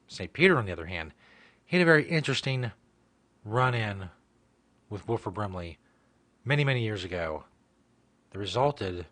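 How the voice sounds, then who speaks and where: A man's voice: lowish voice, fairly bright tone, no room sound. A man hosting a comedy podcast, giving a wry, offhand introduction to a segment.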